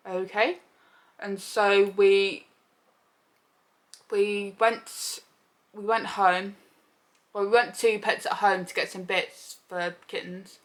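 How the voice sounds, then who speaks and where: A woman's voice: medium pitch, slow, pauses often. A young woman chats through a personal story for her vlog. She talks casually and brings the tale to life by voicing the people in it. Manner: chatty, animated retelling with quoted voices. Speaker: vlogger.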